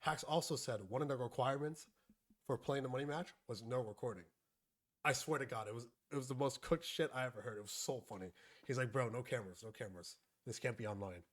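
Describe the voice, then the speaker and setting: A man's voice: medium pitch, fast talker. A young man casually telling a rambling, profane story and acting out his friends' lines.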